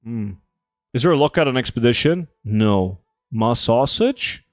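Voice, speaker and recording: A young man in his twenties talks casually on a livestream, answering chat while he plays. His voice sits at an ordinary middle pitch. The sound is dry and close to the mic. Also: expressive, unhurried, dry recording. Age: 20s. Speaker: streamer.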